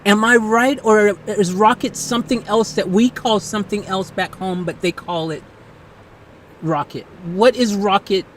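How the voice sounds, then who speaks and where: A woman's voice: mid-range voice, far from the mic, a little hiss or hum, low-quality recording. A woman from the United States hosting a live stream, chatting casually and playfully with an AI. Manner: playful, chatty, quick to laugh. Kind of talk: casual chat with an AI.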